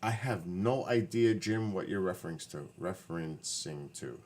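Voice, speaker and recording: Worn out new dude chatting to his stream from his living room, lowish voice, keeps correcting himself. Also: animated, moderate pace, a little mellow. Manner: rambling, self-correcting, talks to chat. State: tired, voice wearing out. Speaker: livestream host chatting with viewers. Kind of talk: casual livestream chat.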